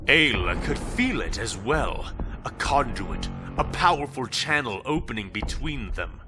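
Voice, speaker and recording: A man narrating a fan fiction audio story in a dramatic, measured reading. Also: medium pitch, sing-song. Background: background music.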